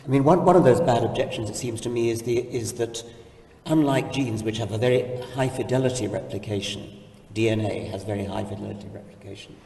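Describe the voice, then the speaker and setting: Low mellow-voiced guy explaining stuff slowly and carefully, sounds far off in a big echoey hall. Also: vocal fry. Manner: measured, explanatory, precise phrasing. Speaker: public conversation speaker. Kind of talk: thoughtful onstage discussion. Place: large hall, in front of an audience. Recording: roomy hall, distant mic.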